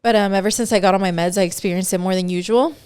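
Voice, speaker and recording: A woman co-hosting a podcast, chatting casually and telling stories in an animated, profane way. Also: mid-range voice, racing, clean tone, no room sound. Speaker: podcast co-host. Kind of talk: casual chat.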